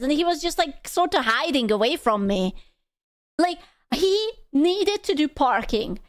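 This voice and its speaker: Young woman streamer, high voice, crude playful banter, dry close mic. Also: big pitch swings, unhurried, dry recording. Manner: playful, crude, laughs often, stammers. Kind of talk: casual group chat.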